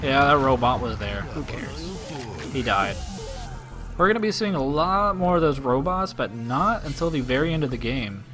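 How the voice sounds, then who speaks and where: A man's voice: mid-range voice, animated, moderate pace, music in the background. Man joking through casual game commentary. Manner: joking, offhand, crude. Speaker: let's play commentator.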